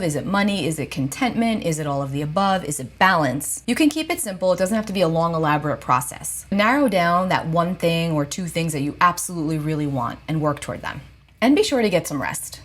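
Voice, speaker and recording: A woman astrologer talking casually to her viewers with gentle, reassuring advice, often checking in with "okay?". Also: sits low. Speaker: astrologer and psychic. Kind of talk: casual spiritual advice talk to camera.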